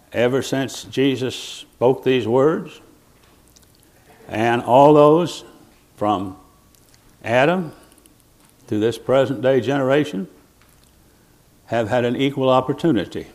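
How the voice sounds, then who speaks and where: Guy preaching a sermon, earnest and thoughtful, stumbles and restarts then swells up loud on a point, average pitch voice.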